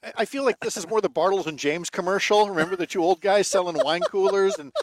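Wry radio host outside. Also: male voice, high voice, fast talker, dry recording. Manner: wry, joking. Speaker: morning radio show host, guest host of the day. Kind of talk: casual radio chat. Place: outdoors by a lake at his home.

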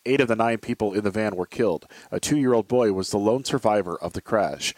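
A man anchoring a local radio newscast in a steady, measured read. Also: medium pitch, dry recording.

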